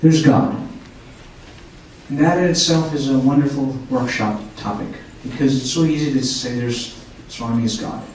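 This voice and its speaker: Male speaker, mellow tone, storytelling talk with rhetorical check-ins; distant room mic, faint room noise. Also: medium pitch, normal speed. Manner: checks in with listeners. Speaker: speaker at a spiritual center. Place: meeting hall of a spiritual center. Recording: echoey hall, voice from far off.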